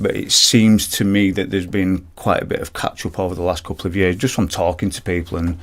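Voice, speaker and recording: A man in his forties speaks with a Yorkshire accent and a fairly low voice. He answers radio interview questions in a loose, chatty way, often restarting his sentences and reaching for words with fillers. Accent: Yorkshire English. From Yorkshire, England. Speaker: guest, personal trainer.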